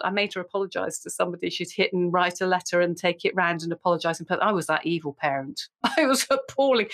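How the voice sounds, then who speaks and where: A woman, a guest on a podcast about special education, chatting casually, animated and quick to laugh at herself. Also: on the low side. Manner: animated, laughs often, self-mocking.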